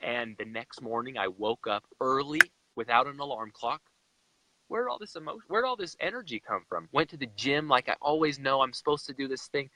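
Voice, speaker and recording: A man's voice: medium pitch, lively intonation, a little fast, heavy background noise. A young man from Utah, a guest in a live chat, retelling a personal story with emotion and animation.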